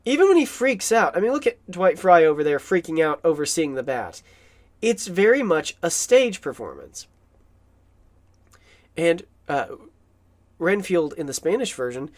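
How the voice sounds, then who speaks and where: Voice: medium pitch, big pitch swings, normal speed. A film commentator talking casually and enthusiastically, rambling with many fillers and restarts.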